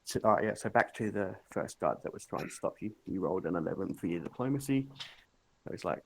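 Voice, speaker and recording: A man narrating a tabletop game as game master, in a relaxed, hedging way full of "sort of". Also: low-pitched, fast, vocal fry, breathy edge.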